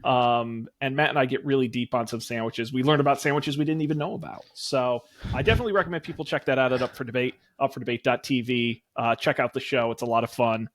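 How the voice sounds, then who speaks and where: A man's voice: mid-range voice, fairly even intonation, quick pace, hardly any pauses. A man hosting a casual podcast over a video call, rambling through plugs with plenty of fillers. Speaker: podcast host. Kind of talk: casual chat.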